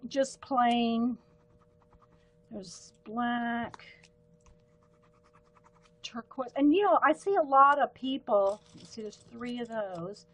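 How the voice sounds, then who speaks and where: Chatty woman with a high voice. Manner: chatty and rambling, laughing often. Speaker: livestream host. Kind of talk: casual live-stream chat with viewers.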